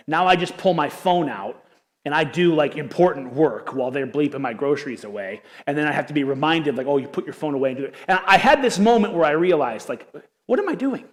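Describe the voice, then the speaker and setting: A male pastor preaching a sermon in an animated, conversational storytelling manner. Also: a little high, big-room sound. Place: church auditorium.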